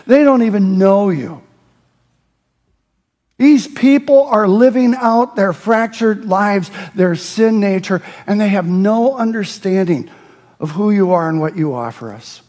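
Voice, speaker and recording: A man preaching a sermon as pastor, reading scripture aloud and rising into impassioned shouts. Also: high-pitched, unhurried, long reverb tail. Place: church sanctuary.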